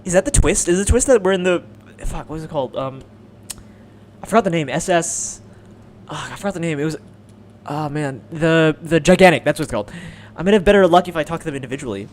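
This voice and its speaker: A young man hosting a let's play, reading a visual novel aloud and breaking in with excited jokes. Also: on the high side, fast, long pauses, a little hiss or hum. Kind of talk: casual gameplay narration.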